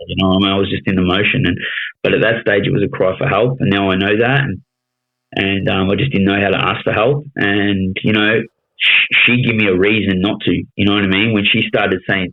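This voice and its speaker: A man's voice: fairly low pitch, level tone, fairly quick, vocal fry. A man in his thirties with an Australian accent, telling his story bluntly with constant swearing and "you know what I mean" as a podcast guest. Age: 30s. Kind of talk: casual storytelling interview. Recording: tinny phone-like sound.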